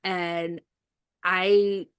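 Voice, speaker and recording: A woman's voice: lowish voice, level tone, clear, resonant tone. Bubbly woman author chatting with laughs. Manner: bubbly, laughing often, halting restarts. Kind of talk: casual podcast conversation.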